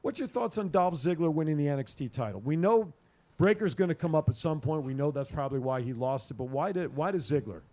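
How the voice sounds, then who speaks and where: A man hosting a podcast in casual chat, running through headlines and reading listener comments in a quick, rambling way. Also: fairly high pitch, expressive, mellow. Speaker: podcast host.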